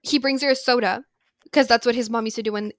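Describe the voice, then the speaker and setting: A woman's voice: fairly high pitch, fairly even intonation, quick pace, no room sound. A young woman co-hosting a podcast, recapping a novel in casual chat with lots of "like" and emphatic asides. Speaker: podcast co-host. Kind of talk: casual book discussion.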